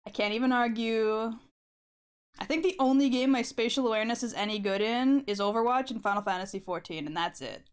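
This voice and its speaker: A woman's voice: fairly high pitch, fairly quick, smooth. A young woman streaming while she draws, chatting in a rambling, giggly way and swearing casually. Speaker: art streamer.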